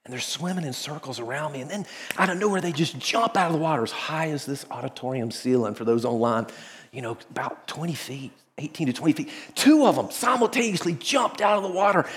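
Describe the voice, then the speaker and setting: A pastor telling stories in a sermon, swinging between excited bursts and hushed, quiet moments. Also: male voice, on the high side, normal speed, big-room sound. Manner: animated storytelling, dropping to hushed tones. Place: large auditorium.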